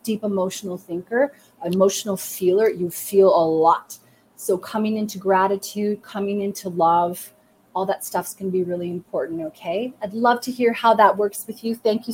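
A woman's voice: medium pitch, a little hiss or hum. Encouraging woman livestreaming readings. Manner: warm encouraging talk, addresses viewers directly. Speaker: psychic reader and livestream host. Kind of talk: live psychic reading livestream.

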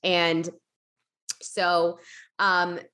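Chatty woman with a lowish voice. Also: completely flat delivery, drawn-out words, bright, forceful tone, clean tone. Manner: chatty, many fillers, acts out quotes in a higher voice. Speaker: podcast guest. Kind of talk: casual storytelling in an interview.

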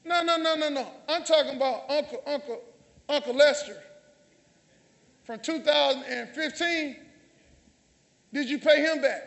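A man's voice: very high voice, unhurried, vocal fry, long pauses, a bit bright. A man with a Southern US accent preaching a sermon in a church, calling out to the congregation and teasing them. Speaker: pastor. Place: church sanctuary. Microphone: handheld or stage mic.

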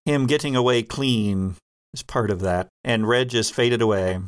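A man narrating a tabletop horror game as game master, in measured, descriptive narration. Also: mid-range voice.

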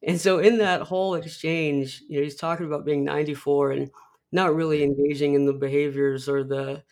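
A man's voice: a little high, fairly even intonation, brisk, darkish tone. A young man, a podcast guest, telling a personal story in a rambling way with many restarts. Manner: rambling, many restarts, acts out film quotes.

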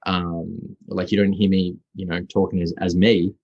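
A young Australian man, a guest actor, chatting casually in an interview, halting and restarting often. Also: sits low, flat delivery, vocal fry, a little mellow, husky, no echo, muffled recording. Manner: halting, full of restarts and fillers.

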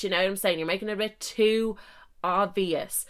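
Young adult woman, casual storytelling, gushing, animated, chatty podcast host. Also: mid-range voice, fairly quick. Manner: animated, gushing, lots of "like" and "so anyway".

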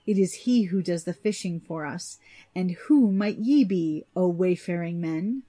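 A woman's voice: unhurried, mellow. A woman reading a storybook, voicing a greedy, cunning old man who is a sorcerer and a father. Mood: hospitable. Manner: shrill, cries out.

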